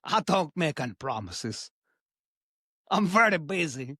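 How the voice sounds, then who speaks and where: Brief: grumpy greedy chef guy, deadpan and childlike, pitch leaping all over, dry close sound, a woman putting him on. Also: measured pace, slightly rough, no room sound, full character voice. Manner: deadpan, broken grammar, wild pitch swings. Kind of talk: improvised comedy bit.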